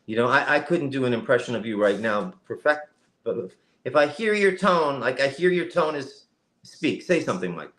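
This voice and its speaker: Speaking over a video call from a home setup with a lighting kit, a guest voice actor from Cleveland, Ohio, USA explains things reflectively and with many fillers during a casual live-stream interview. His medium-pitched voice is expressive and fairly bright at a normal speed. The audio carries a roomy echo.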